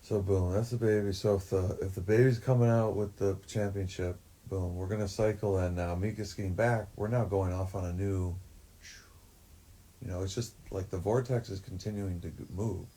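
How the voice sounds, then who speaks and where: A man's voice: low-pitched, fairly even intonation, moderate pace, dark tone. A man talking in a rambling, profane way, full of fillers, in a livestream monologue. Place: forest shack.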